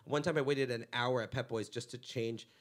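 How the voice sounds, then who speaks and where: A man's voice: mid-range voice, fairly even intonation, normal speed. A young adult man from Los Angeles, a comedian hosting a podcast, rambling and profane in casual comic chat. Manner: rambling, profane, jumps into mocking impressions.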